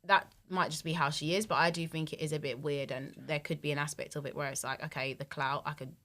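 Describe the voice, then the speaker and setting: Young woman, lowish and bright, frank and opinionated chatter. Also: little pitch movement, fast. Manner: frank, opinionated, many "like" fillers. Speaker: guest. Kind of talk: casual chat.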